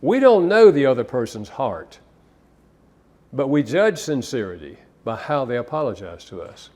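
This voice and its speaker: A man's voice: medium pitch, big pitch swings, moderate pace, a little mellow. A man counselor giving a live seminar talk to an audience, conversational and anecdotal, with occasional restarts. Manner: conversational, storytelling, some repeated restarts.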